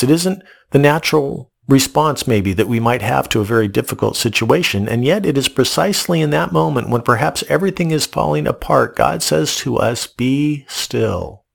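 Earnest male pastor with a gravelly voice. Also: mid-range voice. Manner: repeats words in short restarts, reflective and earnest. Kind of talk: sermon.

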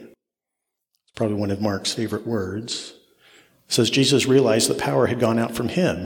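A man preaching an expository sermon, repeating phrases for emphasis as his intensity rises and falls. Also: medium pitch. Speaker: pastor. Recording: long reverb of a large hall.

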